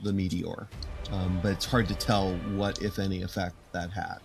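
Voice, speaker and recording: A man narrating a tabletop game as game master, slow and measured, with many fillers. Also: low-pitched, level tone, vocal fry, music in the background.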